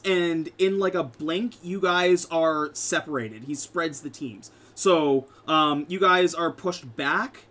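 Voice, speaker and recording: A man's voice: a little high, a bit bright. A man narrating as game master in a casual, rambling way with frequent fillers and restarts.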